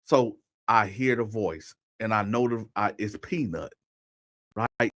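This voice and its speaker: A man's voice: fairly low pitch, slow pace, fairly bright tone. A man telling a personal story in a casual, conversational way, often talking straight to his listeners and checking in with "right?". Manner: conversational, addresses listeners directly, repeats "right?".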